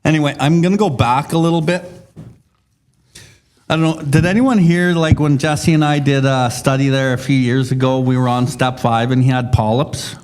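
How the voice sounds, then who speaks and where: A man's voice: mid-range voice, steady tone, moderate pace, darkish tone. A man co-hosting a recovery podcast, telling stories in a rambling way and swearing freely. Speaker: podcast co-host. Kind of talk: casual recovery group discussion.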